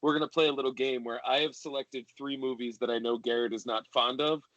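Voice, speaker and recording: A man's voice: medium pitch, fast talker, no room sound, lo-fi sound. Easygoing man co-hosting a podcast from home. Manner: relaxed, joking, upbeat banter. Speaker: podcast co-host. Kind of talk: casual chat. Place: home during quarantine.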